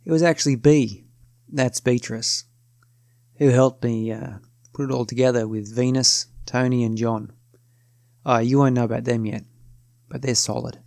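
A man with a gravelly, slightly creaky voice narrates a first-person story. He talks casually and wryly, often pausing to correct himself. The sound is close and dry. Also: medium pitch, steady tone, a little mellow, no room sound. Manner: casual, self-correcting, wry.

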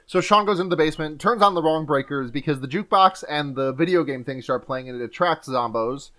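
A young man hosting a casual podcast, recapping a film scene by scene with lots of laughter and acted-out lines. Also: mid-range voice. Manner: animated, quick to laugh, acts out characters' lines; swears casually. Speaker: podcast host.

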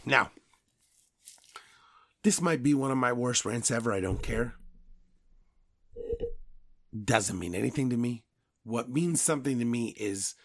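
Man ranting angrily, gravelly voice. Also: medium pitch, no echo, clean studio sound. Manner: loud, profane ranting. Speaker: podcast host. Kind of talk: angry sports rant.

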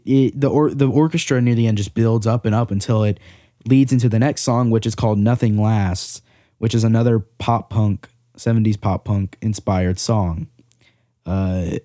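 Podcast host guy, low mellow voice, rambling and self-deprecating, dry close mic. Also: no echo. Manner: rambling, self-deprecating, many fillers and restarts. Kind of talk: casual podcast chat. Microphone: studio mic with pop filter.

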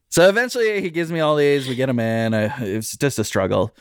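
A man's voice: mid-range voice, lively intonation, fairly quick, hardly any pauses, a little hiss or hum. A man in his late twenties in casual chat, telling stories, acting out quotes and laughing often.

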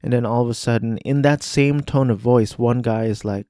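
A man's voice: medium pitch, normal speed, warm tone, no echo, clean studio sound. A man hosting a podcast, talking casually about films, rambling with restarts and acting out quoted lines. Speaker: podcast host. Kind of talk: casual film talk.

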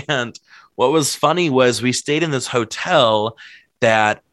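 A man's voice: mid-range voice, slow pace, a bit bright, dry recording. A man telling stories in casual chat, rambling and packed with filler words. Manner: laughs while telling stories.

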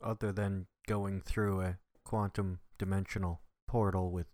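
Deadpan, lower-voiced male co-host. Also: a little slow, dry recording, clean studio sound. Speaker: podcast co-host. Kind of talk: casual chat.

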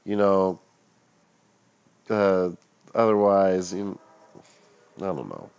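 A young man with a deep voice rambles through a solo monologue at an unhurried, drawling pace. He is loose and profane and drops into low mutters between louder bursts. Casual and unscripted throughout. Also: very animated, gravelly, smooth. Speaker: solo commentator.

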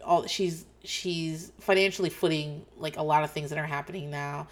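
Woman, middle-aged, podcast host, loose rambling chat, frequent swearing, slightly low voice. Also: steady tone, normal speed. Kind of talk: casual chat.

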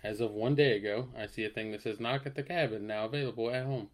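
A man's voice: lowish voice, steady tone, fast talker. Hesitant man thinking aloud. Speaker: podcast co-host. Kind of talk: casual chat.

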